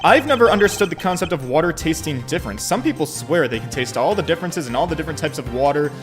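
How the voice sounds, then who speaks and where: Man, let's play host, casual commentary, joking, swears, lively pitch, faint game music behind. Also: quick pace. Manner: chatty, joking, swears freely.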